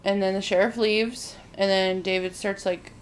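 A woman's voice: medium pitch, steady tone, moderate pace, a little hiss or hum. A woman in casual chat, animatedly retelling a movie plot and acting out the characters' lines, with frequent "like".

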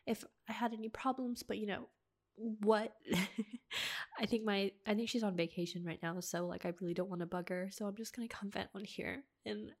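Young woman, halting emotional podcast. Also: on the high side, creaky. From United States. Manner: halting, emotional, many restarts and sighs. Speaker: podcast host. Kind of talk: personal confessional podcast. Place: home, alone.

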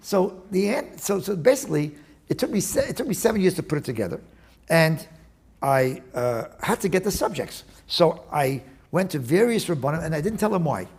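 A man interviewed as a guest, explaining his work in an animated, digressive way with many restarts. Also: a little high, moderate pace, slightly rough. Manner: animated, digressive, with frequent restarts and Talmudic terms. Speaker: guest, attorney and index author. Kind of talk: casual interview talk.

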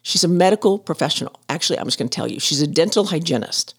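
A woman's voice: sits low, expressive, quick pace, slightly rough. A middle-aged woman, chatting and telling a story as a podcast host, often laughing. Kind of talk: casual storytelling.

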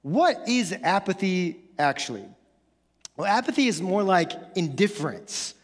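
A male pastor preaching a sermon, animated, acting out casual quoted voices and building up to excited shouts. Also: high voice, measured pace, long reverb tail. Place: church sanctuary.

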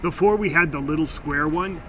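A man's voice: a little high, moderate pace, a bit bright, distant mic. Chatty male host on a noisy floor. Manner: chatty, joking, rambling. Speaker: host and interviewer. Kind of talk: casual interview at a stamp show. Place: busy stamp show floor.

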